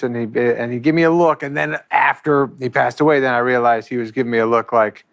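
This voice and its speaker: A man casually reminiscing about touring, in a relaxed, loose way. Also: medium pitch, fast, gravelly, few pauses. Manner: relaxed, loose, swears freely.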